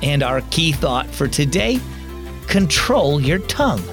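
A man's voice: fairly high pitch, sing-song, unhurried, a bit bright, faint music behind. A man hosting a children's devotional radio show, narrating a story and teaching in a scripted way.

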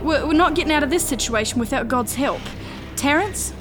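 A prim, proper park ranger in an audio drama, played by a woman. Her voice is high and very animated. Music plays under the scene. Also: a little fast.

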